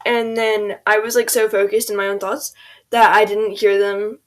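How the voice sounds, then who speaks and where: This teen gaming video creator has a mid-range voice with a level tone and moderate pace. Telling a storytime over gameplay, she rambles casually, relies on "like" and "um," and quotes people in their own voices.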